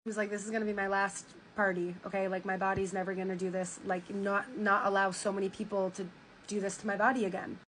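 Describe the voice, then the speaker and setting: A woman streamer reacting live, reading a story aloud with stunned, animated asides. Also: medium pitch, fast, slight background noise, poor audio.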